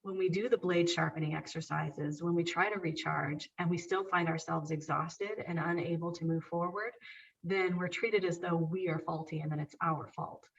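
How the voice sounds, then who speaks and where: A woman's voice: fairly low pitch, fairly even intonation, moderate pace, vocal fry, distant mic, muffled recording, slight background noise. A woman guest speaking earnestly and emphatically in a conversational interview. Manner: earnest, emphatic, repeats agreement. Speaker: guest, author and painter.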